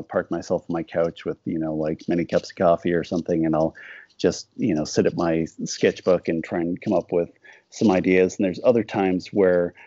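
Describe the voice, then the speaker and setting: A man with a fairly low voice talks casually in an interview, rambling and restarting as he acts out quoted back-and-forths. The sound is dry and close. The recording is dull and lo-fi. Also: mellow, no echo. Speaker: cartoonist guest.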